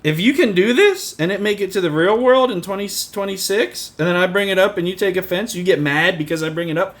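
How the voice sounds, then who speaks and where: A man's voice: high voice, a little fast, fairly bright tone. A man in a casual vlog rant, sarcastic, repeating a mocking "hello" to make his points. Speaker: vlogger.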